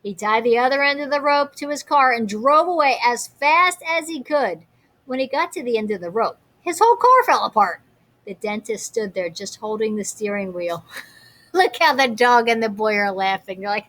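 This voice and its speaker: A teacher woman reading a picture book aloud to young children, her voice a little high and expressive. She breaks off for chatty asides and questions. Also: moderate pace.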